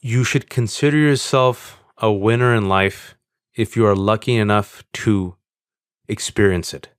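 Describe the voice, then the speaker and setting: A man's voice: lowish voice, fairly even intonation, a little slow, smooth, dry recording, studio quality. Earnest, self-mocking man in his forties. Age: 40s. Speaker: podcast guest. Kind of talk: candid conversational interview.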